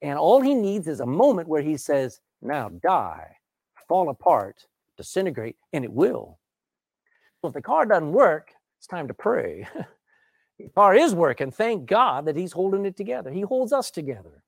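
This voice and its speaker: A man preaching a sermon, reading old-style scripture aloud, explaining it emphatically, and often clearing his throat. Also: sits high, big pitch swings, moderate pace, no echo, clean studio sound.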